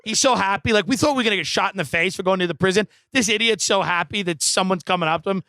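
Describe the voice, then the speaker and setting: Male podcast host, high gravelly voice, bright sharp tone, mocking comic riffs. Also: quick pace, no echo. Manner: mocking, loud impressions of others. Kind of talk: comedic podcast banter.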